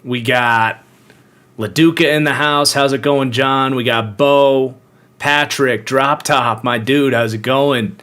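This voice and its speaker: A man's voice: medium pitch, steady tone, slow, fairly bright tone. A young man hosting a live football podcast, chatting casually and greeting viewers by name. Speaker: podcast host.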